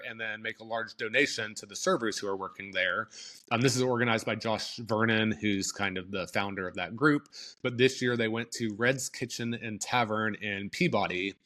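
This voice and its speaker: A man's voice: on the low side, bright, forceful tone. A man co-hosting a podcast, reading news items in an easygoing, casual way and often hedging with "I think". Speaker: podcast co-host.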